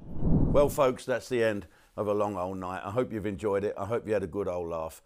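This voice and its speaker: A man's voice: fairly low pitch, moderate pace, darkish tone. A male host signing off the night in a blunt, chummy way, talking straight to the audience. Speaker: show host. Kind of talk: closing sign-off.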